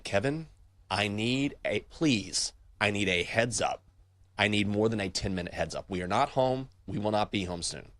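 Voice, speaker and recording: A man's voice: on the low side, moderate pace, no echo. A man co-hosting a sports betting show, telling stories in casual chat and acting out the voices he quotes. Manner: animated storyteller, acts out quoted voices.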